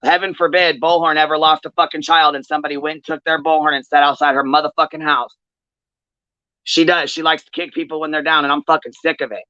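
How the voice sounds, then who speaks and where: A woman's voice: low-pitched, fairly even intonation, quick pace, sharp tone, no echo. Furious, foul-mouthed woman ranting on stream. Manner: profane, heated ranting. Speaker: livestream commentary host. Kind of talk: angry livestream commentary. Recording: dull, dry lo-fi stream audio.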